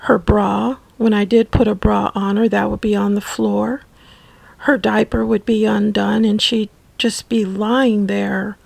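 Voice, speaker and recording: A woman telling a personal memoir story, slow and halting, at times dropping to a soft whisper. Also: mid-range voice, level tone, gravelly, breathy edge, dry recording, poor audio. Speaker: memoir narrator.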